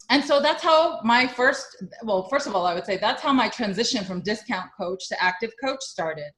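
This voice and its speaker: A woman's voice: fairly high pitch, lively intonation, moderate pace, hardly any pauses, fairly bright tone. A young woman who coaches fitness, telling her story in a chatty interview with lots of fillers and growing emotion. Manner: chatty, many fillers, grows emotional and tearful.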